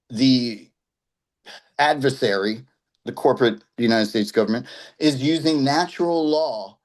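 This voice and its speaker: A man's voice: medium pitch, darkish tone, rough recording. A man giving a casual, off-the-cuff lecture to a class. He talks loosely, restarts and repeats phrases as he works through his points. He keeps tagging his sentences with "right?" to check in with his listeners. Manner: restarts and repeats himself while explaining. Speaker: instructor.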